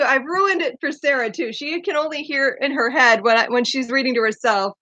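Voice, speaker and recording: Chatty higher-voiced woman host. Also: moderate pace, hardly any pauses, bright, forceful tone, no echo. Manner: chatty and eager, laughs often. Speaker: podcast host. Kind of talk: casual book discussion. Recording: dull lo-fi dry sound.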